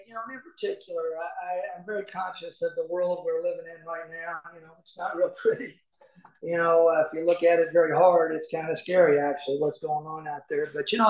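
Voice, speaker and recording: An older man tells a personal story to an audience in a folksy, chatty way, laughing and dropping fillers as he goes. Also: fairly high pitch. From Kentucky, USA. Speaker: recovery meeting speaker. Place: large meeting hall. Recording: echoey hall recording.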